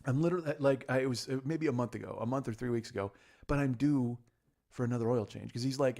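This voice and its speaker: A man in his forties with a mid-range, darkish voice talks fast as host of a comedy podcast. His monologue rambles, swears freely, pokes fun at himself and keeps restarting.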